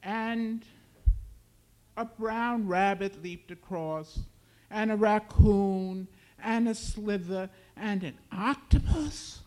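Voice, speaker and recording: A man giving a slow, dramatic literary reading of his own fiction. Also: high voice, darkish tone. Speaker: author reading his work.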